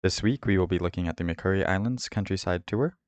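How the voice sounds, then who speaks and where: Low-voiced man explaining a race route. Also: quick pace, no room sound. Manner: steady, methodical explaining. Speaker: host of a cycling route guide. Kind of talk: scripted voice-over over game footage.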